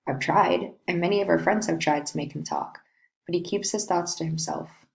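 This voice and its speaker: A woman's voice: on the low side, moderate pace, creaky. A woman reading the part of a worried noble father explaining his troubled son. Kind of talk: reading a play aloud.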